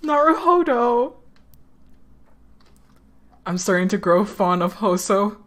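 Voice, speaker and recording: Slow-talking excitable woman streamer. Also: on the low side. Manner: excitable, laughs often, swears. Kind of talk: casual let's-play commentary.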